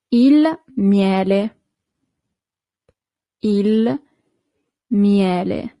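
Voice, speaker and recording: A woman, teaching a beginner language lesson, pronouncing each word slowly and repeating it with brief praise. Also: on the high side, darkish tone, dry recording. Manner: slow, clearly repeated pronunciation with short praise.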